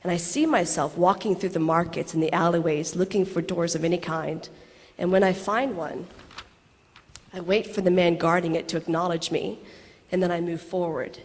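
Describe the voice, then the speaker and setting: A woman in her thirties reads a personal story aloud before a convention audience. She tells it with laughing asides and quick acted quotes. The sound rings with the long reverb of a large hall. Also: on the low side, steady tone. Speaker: actress reading a personal letter on stage.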